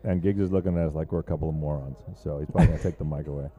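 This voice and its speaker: A man calling a surf contest live, his voice low and very dark in tone. He talks in a loose, joking way, rambling through plenty of fillers as he chats with his co-host. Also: steady tone, racing, dull audio. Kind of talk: live sports commentary.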